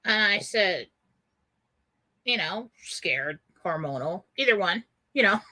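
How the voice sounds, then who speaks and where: Lively bright-voiced woman telling a story. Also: medium pitch, slow pace. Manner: animated, laughing often, many fillers. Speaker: radio show host. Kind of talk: casual storytelling.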